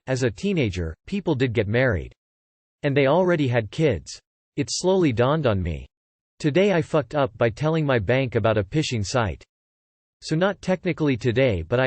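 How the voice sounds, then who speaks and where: Guy reading reddit-style posts out loud, steady even read, mid pitch, dry close sound. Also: no echo. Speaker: narrator. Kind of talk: reading online posts aloud.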